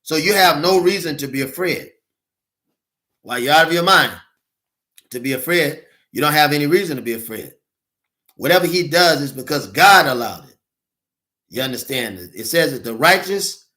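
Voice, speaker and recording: A man's voice: a little high, bright, forceful tone. A man preaching a sermon as a minister, repeating rhetorical questions to his listeners. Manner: reads scripture slowly and deliberately.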